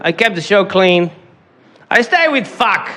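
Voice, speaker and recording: A man doing a stand-up comedy set on a club stage, telling a story in an animated way with stammered restarts. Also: high-pitched, a little slow. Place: comedy club stage before a live audience. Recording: noisy live stand-up recording.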